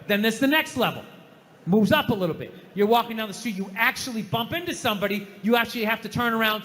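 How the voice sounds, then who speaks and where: A man's voice: high-pitched, fast, fairly bright tone. A male stand-up comedian ranting and swearing with self-mocking humor on a theater stage. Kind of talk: stand-up routine. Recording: echoey hall, faint ambience.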